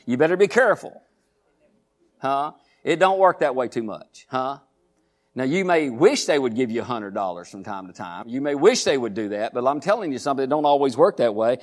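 A pastor preaching a sermon, drawing the congregation in with repeated asides and questions. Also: male voice, on the high side, expressive, quick pace. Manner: preaching with call-and-response asides, repeated "huh?" and "listen".

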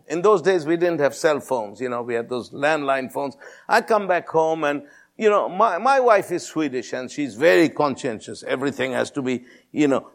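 Gravelly older man preaching a testimony. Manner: animated storyteller, rises high when quoting others. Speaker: pastor. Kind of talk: sermon testimony storytelling.

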